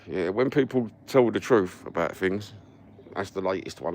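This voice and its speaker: A man's voice: low-pitched, animated, normal speed, a little mellow, a little hiss or hum. A Cockney man ranting sarcastically and swearing constantly as he chats on a live stream. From London. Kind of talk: casual live-stream rant.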